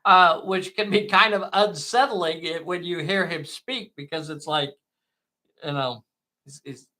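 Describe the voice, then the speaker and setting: A man whose first language is not English, narrating a tabletop miniatures game with slow, dramatic play-by-play. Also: fairly high pitch, sharp tone.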